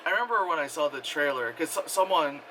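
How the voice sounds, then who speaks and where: A man giving a casual spoken movie review, rambling and excitable, full of fillers and acted-out quotes. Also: on the high side, quick pace, noisy background.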